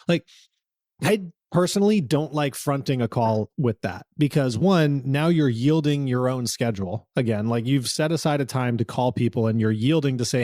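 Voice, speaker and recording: A man's voice: mid-range voice, fairly quick, dark tone, dry recording, clean studio sound. A man co-hosting a podcast in casual chat, giving his opinions plainly and laughing easily. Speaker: podcast co-host.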